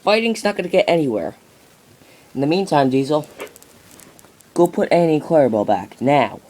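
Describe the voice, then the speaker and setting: A man's voice: fairly high pitch, very animated, normal speed, darkish tone. A man voicing a sensible small male tank engine, firm and reproachful.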